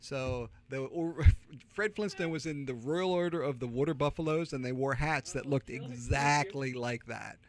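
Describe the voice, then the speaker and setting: A man's voice: mid-range voice, normal speed, slight background noise. A middle-aged man with a Delaware County Philadelphia accent, chatting casually as a podcast co-host and telling rambling stories full of fillers and restarts. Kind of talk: casual chat.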